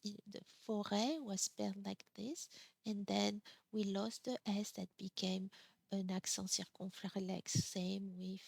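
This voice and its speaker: A woman with a French accent teaching a French lesson, slowly repeating each example word with care. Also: mid-range voice, gravelly, no room sound. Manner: slow, careful, repeats example words. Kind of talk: classroom lesson.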